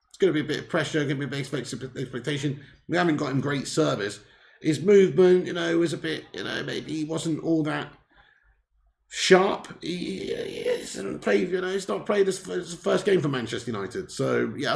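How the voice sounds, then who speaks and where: Gravelly football watch-along host. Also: male voice, on the high side. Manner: jokey banter, laughs often, chats with viewers.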